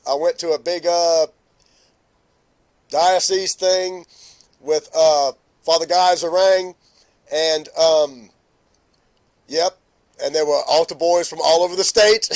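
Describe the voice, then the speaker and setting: Laughing man with a high voice. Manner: laughs often, talks to commenters by name. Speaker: host of a morning live stream. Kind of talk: casual live-stream chat with viewers.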